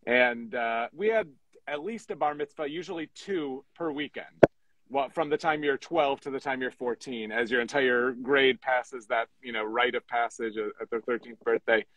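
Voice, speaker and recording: A man's voice: medium pitch, moderate pace, a bit bright, poor audio. A man from Michigan who writes songs for a show, chatting casually on a podcast with joking, self-deprecating asides. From Michigan, USA. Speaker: songwriter guest.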